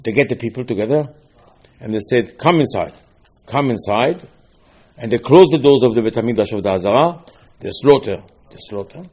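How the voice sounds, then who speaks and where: Husky animated rabbi teaching. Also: male voice, medium pitch, a little fast. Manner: animated, rhetorical questions, repeats phrases. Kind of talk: Torah lesson.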